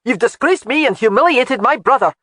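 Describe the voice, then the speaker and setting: A man's voice: extremely high pitch, lively intonation, a little fast, pushed and bright, no room sound, voice pushed up, exaggerated voice. A narrator voicing an angry young nobleman in an audiobook, indignant and threatening.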